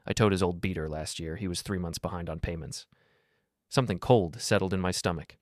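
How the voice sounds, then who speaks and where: A man narrating a first-person story in a calm, even, measured way. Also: low-pitched, dry recording, studio quality.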